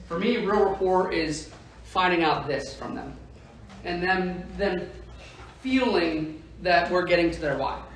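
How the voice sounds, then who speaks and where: In a motivational talk for insurance agents, a man with a high-pitched, fairly bright voice speaks emphatically and keeps asking "right?" The recording is echoey and distant. It also carries a little hiss or hum.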